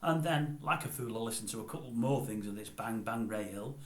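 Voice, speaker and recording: A man's voice: lowish voice, brisk. An older man, telling a long, rambling story in a chatty, digressive way as a vlogger. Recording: roomy echo.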